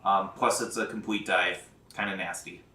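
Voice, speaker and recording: A man running a tabletop game as game master, talking haltingly with many fillers and restarts, and laughing often. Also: low-pitched, steady tone, bright, forceful tone, echoey room, recorded from a distance. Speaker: dungeon master.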